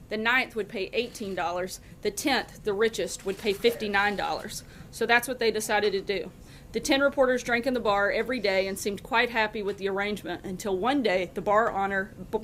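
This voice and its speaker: A woman narrating a story in a steady, storytelling manner. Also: mid-range voice, a little hiss or hum.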